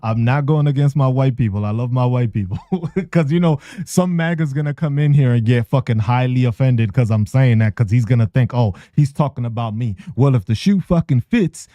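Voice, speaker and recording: Man, podcast host, profane rant, laughs often, mellow voice, dry close sound. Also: mid-range voice, animated, normal speed, no echo. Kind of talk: casual ranting monologue.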